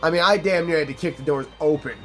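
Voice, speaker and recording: A man's voice: a little high, fast talker, a bit bright, faint music behind. A young man casually commenting on a farming game while telling a rambling, profane story. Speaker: gaming channel host.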